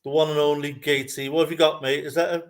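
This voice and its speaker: A man's voice: on the high side, flat delivery, fast talker. A man with an Irish accent hosting a live fan stream, chatty and jokey, laughing often as he greets viewers. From Ireland. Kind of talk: casual fan chat.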